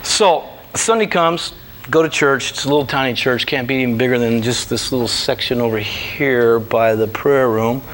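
Guy telling his story in church, bright tense voice, acts out what he said back then. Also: medium pitch, normal speed, slight background noise. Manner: acts out his own past lines in lively voices. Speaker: speaker giving a personal testimony. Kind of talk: animated storytelling. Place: church room.

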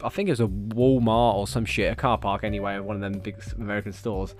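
A man, hosting his own podcast and rambling through stories, swearing constantly and getting animated. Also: lowish voice, fast, faint music behind. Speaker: podcast host. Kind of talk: casual solo podcast chat.

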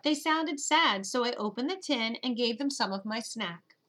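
A woman's voice: fairly high pitch, lively intonation, normal speed, a bit bright. A woman voicing a stubborn, cheeky young girl in an audiobook, speaking with petulant defiance. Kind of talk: audiobook character voice.

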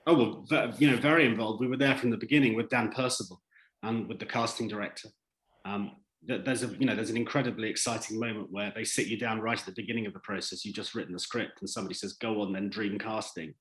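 Male series writer, interview guest, animated storyteller, echoey room. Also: fairly low pitch, fast. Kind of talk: interview answers.

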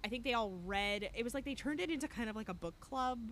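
A woman's voice: a little high, fast, fairly bright tone, a little hiss or hum. A woman co-hosting a podcast, talking in blunt, opinionated bursts of emphasis as she recaps a reality show. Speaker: podcast co-host.

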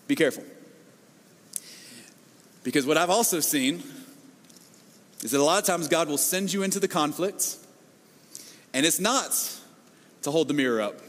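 A middle-aged man preaches with a fairly high, animated voice, jumping between quoted voices and stumbling over repeated words. His sermon rings through a church hall with a long reverb tail. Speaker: pastor.

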